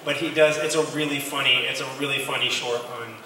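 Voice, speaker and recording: A man's voice: mid-range voice, steady tone, fast talker, bright, forceful tone. A man, a voice actor on a fan Q&A panel, answering casually with hesitant, searching phrasing and an amused tone. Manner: hesitant, many ums and restarts, amused. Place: large convention hall. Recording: echoey hall from far off. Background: hall noise.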